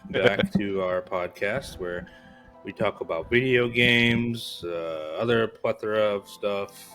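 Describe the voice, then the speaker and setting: Low-voiced man hosting a casual podcast. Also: slow, soft background music. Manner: mock-soft whispery promo voice, joking. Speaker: podcast co-host. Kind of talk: casual chat.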